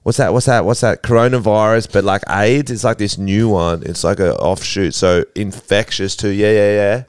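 A man voicing a crude, rambling English man who leaves a voicemail full of swearing and fumbling pauses. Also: fairly low pitch, steady tone, clean tone, dry recording, natural voice. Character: crude rambling English man, a brother giving bad news. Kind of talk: improvised comic voicemail bit.

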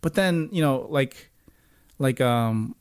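A man's voice: mid-range voice, expressive, takes it slowly, clear, resonant tone. A man guesting on a podcast, talking eagerly and stumbling over repeated words. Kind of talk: casual podcast chat.

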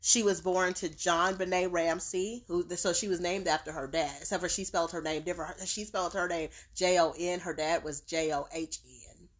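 A woman hosting a podcast in casual, upbeat chat, full of "like" and quick reactions. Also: lowish voice, fairly even intonation. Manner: chatty and upbeat, peppered with "like". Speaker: podcast host.

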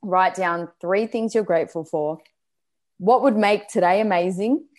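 A woman's voice: medium pitch, a little slow, darkish tone. A woman co-hosting a podcast, chatting casually and acting out little quotes as she talks. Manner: chatty, laughs easily, acts out quotes. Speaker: podcast co-host. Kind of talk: casual chat.

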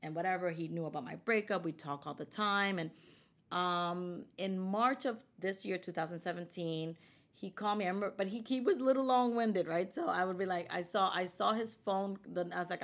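A woman with a fairly low voice tells a personal story in a relaxed interview. She talks animatedly and slips into the voices of the people she quotes. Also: brisk. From United States. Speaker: guest. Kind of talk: conversational storytelling.

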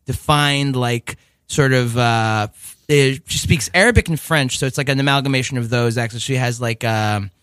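A man's voice: medium pitch, moderate pace, a bit bright, smooth, no room sound, clean studio sound. A man chatting and riffing in a casual comedy podcast, laughing and slipping into silly voices. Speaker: improv comedy podcast regular. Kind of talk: casual improv banter.

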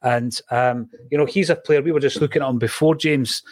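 A man's voice: medium pitch, brisk, dry recording, clean studio sound. Man hosting football chat. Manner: chatty, tells anecdotes. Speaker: podcast host.

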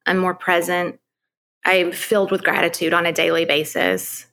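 A woman's voice: fairly low pitch, vocal fry, a bit bright. A woman in her thirties, a podcast guest, candidly telling a personal story in a rambling way, full of "like" and restarts.

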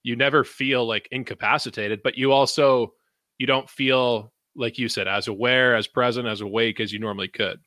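Bright-voiced casual podcast host, a man. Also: mid-range voice, fairly even intonation, normal speed, dry recording. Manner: loose, swearing, rambling with restarts. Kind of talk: casual profane chat.

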